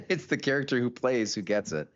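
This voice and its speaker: A man hosting and casting a live online game tournament, chatty and relaxed, often restarting his words. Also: mid-range voice, dull audio. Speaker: tournament host and caster. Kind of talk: live esports commentary.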